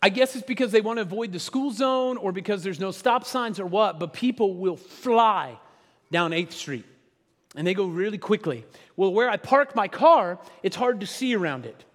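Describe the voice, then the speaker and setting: A middle-aged man preaches in a conversational way, with a voice pitched higher than most men's. He drops to a near hush, then builds loud, and jokes aside with the congregation. His words ring out with a long echo through a large sanctuary. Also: expressive, moderate pace. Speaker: pastor. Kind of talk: sermon. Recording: long hall reverb.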